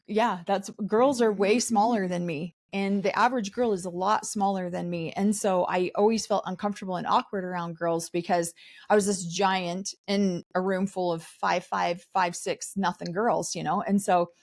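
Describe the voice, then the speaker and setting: Animated woman with a mid-range voice. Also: medium pitch, moderate pace. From raised in a polygamous community. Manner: animated, mocking impressions of others. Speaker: podcast co-host. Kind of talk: casual recap chat.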